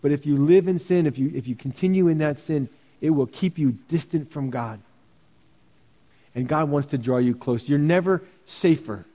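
A man's voice: medium pitch, dark tone. A man preaching a sermon as pastor, speaking earnestly and conversationally, with emphasis that builds in repeated phrases. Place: church sanctuary. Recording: reverberant hall, dull lo-fi sound.

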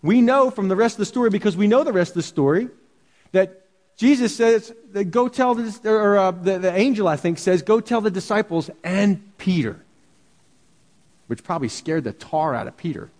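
A man's voice: high voice, expressive, moderate pace, a little mellow, big-room sound. A man preaching a sermon as pastor, earnest and full of rhetorical questions.

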